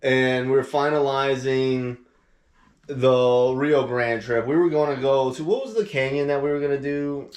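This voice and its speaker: A man's voice: medium pitch, steady tone, a little slow, reverberant. A man co-hosting a casual chat, telling a travel story in a rambling way with lots of fillers and acted-out quotes. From Louisiana, USA. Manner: rambling, filler-heavy, acts out quoted phone calls. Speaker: podcast co-host.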